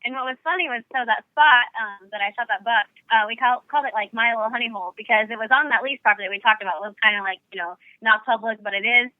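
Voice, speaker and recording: A woman's voice: a little high, fast talker, hardly any pauses, no echo, phone-quality sound. A woman casually sharing hunting memories as a guest in an interview. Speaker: bowhunting guest, wife.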